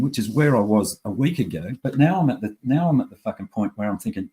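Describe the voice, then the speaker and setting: Husky-voiced man, lowish pitch, swearing heated rant. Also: big pitch swings, fast, few pauses, darkish tone. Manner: profane, heated, rambling. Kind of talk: angry ranting monologue.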